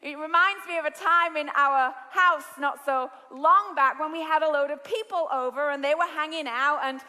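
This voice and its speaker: Bright high-voiced British woman preaching. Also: moderate pace. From Britain. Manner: lively storytelling preaching, rising to shouts. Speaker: pastor. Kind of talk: sermon. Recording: large hall with long reverb.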